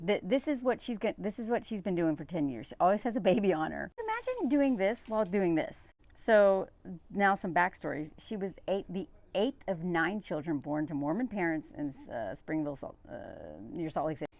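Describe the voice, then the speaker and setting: Sarcastic lady reacting to an article, lively up and down voice, talks casual like chatting to friends. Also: on the low side, moderate pace. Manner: sarcastic, exasperated, conversational. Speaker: commentator. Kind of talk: reaction commentary, reading an article aloud.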